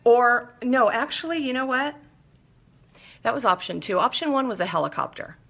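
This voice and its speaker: A woman hosting a talk show, telling a personal story in a lively, chatty way with playful asides. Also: on the high side, moderate pace, vocal fry. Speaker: show host.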